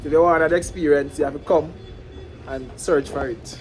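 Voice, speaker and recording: A man's voice: on the high side, steady tone, brisk, faint music behind. A Jamaican man talking casually to his viewers outdoors, rambling and often repeating "you know what I mean" and "family". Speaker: vlogger. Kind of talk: casual talk to camera. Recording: loud street and traffic noise.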